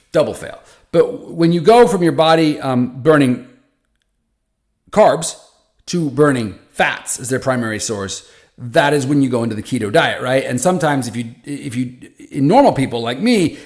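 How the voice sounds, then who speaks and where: Guy hosting a podcast from his office, chatty, pitch jumps all over, keeps restarting. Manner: animated, folksy, restarts often. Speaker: podcast host for a patient foundation. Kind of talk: casual monologue. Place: hot office.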